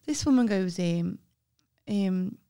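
A woman's voice: mid-range voice, animated, slow, smooth, no room sound, studio quality. Chatty woman telling a story. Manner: chatty storyteller, drops quieter for asides. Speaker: podcast co-host. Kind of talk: casual storytelling chat.

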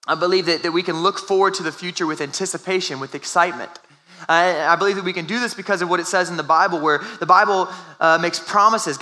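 A man's voice: sits high, sharp tone. A young adult man preaching a sermon as pastor, telling a family story in a conversational way with restarts.

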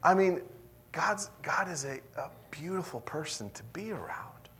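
A young man preaching a sermon in a lively, conversational way, sometimes dropping to a whisper. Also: on the high side, unhurried. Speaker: pastor.

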